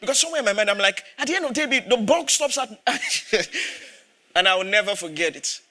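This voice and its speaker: A pastor preaches in a high, sharply bright voice. He tells a story with laughter and acts out the dialogue himself. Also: lively intonation, a little fast. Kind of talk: sermon.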